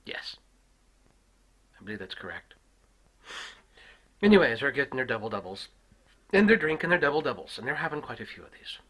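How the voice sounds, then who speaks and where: Man, comic ranter, husky low voice, lively swinging delivery, heavy swearing. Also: fairly quick, long pauses, rough recording. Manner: swearing heavily, swinging from shouts to hushed asides. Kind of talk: profane comic storytelling rant.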